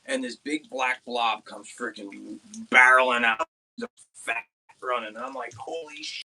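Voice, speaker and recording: A young man from Pennsylvania, hosting an outdoors channel, telling a rambling, excited hunting story with many restarts. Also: mid-range voice, measured pace, vocal fry. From Pennsylvania, USA.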